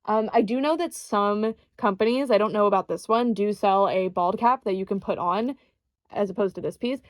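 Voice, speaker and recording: A young woman chats eagerly through a doll review, piling on fillers and little laughs. Her voice carries a gravelly fry. The sound is dry and close to the mic. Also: medium pitch, a little mellow, dry recording. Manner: chatty, enthusiastic, frequent fillers and small laughs. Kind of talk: casual unboxing review.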